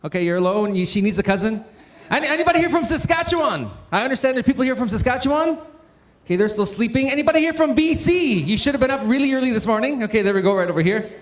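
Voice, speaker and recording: A Northern Ontario man hosts a conference in a large hall, joking and firing up the crowd with call-outs. His voice is very high-pitched, fast, and lively in intonation, fitting the energetic hosting. The echoey hall carries faint room noise.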